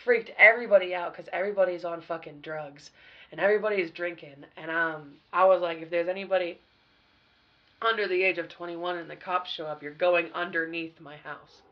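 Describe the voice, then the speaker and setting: A woman guest on a podcast, casually telling party stories in a profane, animated way with sudden loud bursts. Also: on the low side, a little fast, dull audio. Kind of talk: casual storytelling chat.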